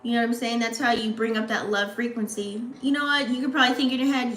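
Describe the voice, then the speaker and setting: Bright-voiced woman giving a slangy astrology reading. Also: a little high, fairly even intonation, fast talker, hardly any pauses, a little hiss or hum. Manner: slangy, chatty, addresses viewers directly. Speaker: astrology channel host. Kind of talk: casual astrology reading to camera. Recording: echoey room.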